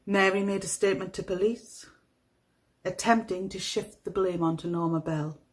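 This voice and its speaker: A woman with a toned-down Northeast English accent narrating a true crime story in a measured, somber manner. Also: mid-range voice, fairly even intonation, rough recording. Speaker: podcast host.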